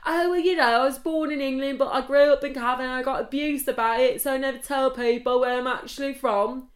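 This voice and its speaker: A woman mimicking an awkward, overeager young man who was born in England and raised in rural Ireland, talking loud and keen to please. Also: fairly even intonation, fairly quick, natural voice. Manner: loud, high, overeager and laughing.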